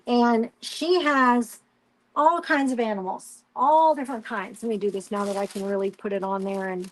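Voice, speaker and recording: A woman's voice: a little high, moderate pace. A woman hosting a crafting live stream, chatting casually and telling stories while she works. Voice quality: chatty storyteller, animated retelling with quoted voices.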